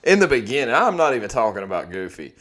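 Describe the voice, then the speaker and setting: A man's voice: medium pitch, sing-song, fast, fairly bright tone. A man co-hosting a podcast in casual chat, joking and asking incredulous questions. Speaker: podcast co-host.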